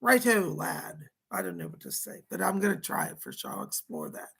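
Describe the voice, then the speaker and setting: A man with a high, husky, slightly bright voice talks fast, swinging wildly in pitch and dropping into vocal fry. He hosts a psychic astrology livestream, chatting casually and reading viewer comments aloud as he answers them, recorded on a computer setup at a keyboard.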